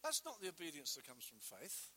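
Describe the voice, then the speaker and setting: A man's voice: on the high side, wildly swooping pitch, brisk, bright, forceful tone. A man preaching a sermon in an emphatic, conversational way, full of rhetorical questions.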